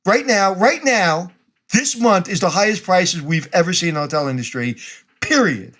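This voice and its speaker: Here a podcast guest from Brooklyn, New York chats in a casual interview, blunt and direct, sometimes voicing lines of dialogue. The man's voice is high and a bit bright, with lively intonation at a normal speed.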